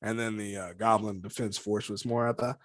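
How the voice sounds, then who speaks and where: A man being interviewed about his voice work, talking in a lively, animated way, laughing often and slipping into character voices. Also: on the low side, normal speed. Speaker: voice actor guest. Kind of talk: casual interview chat.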